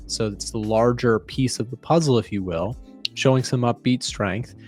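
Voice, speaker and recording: A man's voice: medium pitch, normal speed, darkish tone, soft background music. Man hosting market commentary. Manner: conversational, explains and asks questions. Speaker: trading show host.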